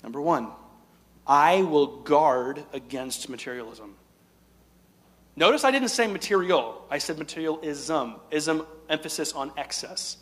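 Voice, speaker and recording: Animated preacher man in a reverberant hall. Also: a little high, a little slow. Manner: animated preaching, swinging from loud emphasis to hushed asides. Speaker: pastor. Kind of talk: sermon.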